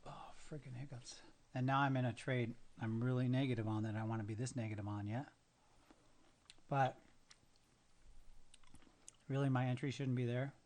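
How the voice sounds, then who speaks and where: A man's voice: mid-range voice, steady tone, moderate pace, pauses often, a little mellow. A man with the hiccups doing live trading commentary and muttering to himself, frustrated and cursing. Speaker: day trader streaming his trades.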